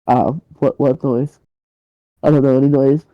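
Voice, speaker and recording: A woman's voice: low-pitched, little pitch movement, a little slow, clean tone, dry recording, lo-fi sound. A woman voicing a nervous, bumbling young man who stammers and apologizes constantly. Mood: flustered.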